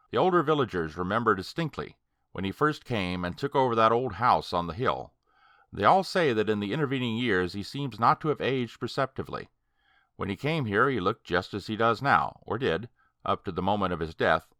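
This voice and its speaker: A man voicing a grave, hesitant male friend in an audiobook, speaking in a measured way. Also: on the low side, a bit bright, no room sound, clean studio sound. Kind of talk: audiobook character reading.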